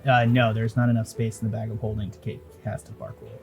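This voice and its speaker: A man's voice: on the low side, steady tone, quick pace, darkish tone, faint music behind. A man running a tabletop game as dungeon master, talking loosely with fillers and swearing.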